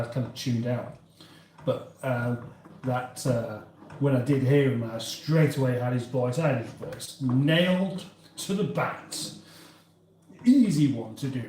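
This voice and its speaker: A man's voice: mid-range voice, darkish tone. Chatty northern English man in an echoey kitchen. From England. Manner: rambling, reads viewer chat aloud while cooking. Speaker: cooking livestream host. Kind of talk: casual live cooking chat. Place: home kitchen. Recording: echoey kitchen with faint background noise.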